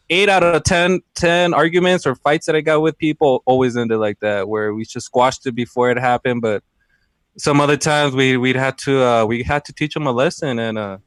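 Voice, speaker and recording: A man co-hosting a podcast, retelling his own fights in a boastful, animated way and loudly acting out quotes. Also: mid-range voice, dry recording. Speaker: podcast co-host. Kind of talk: casual storytelling chat.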